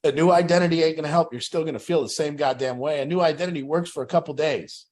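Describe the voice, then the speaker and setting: A man's voice: on the high side, quick pace, a little mellow. A middle-aged man leading a recovery group, telling a personal story in a blunt, profane way.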